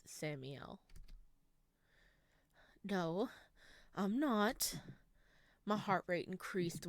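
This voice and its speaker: A woman reading a visual novel aloud, narrating and reacting out loud between lines. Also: fairly low pitch, no room sound.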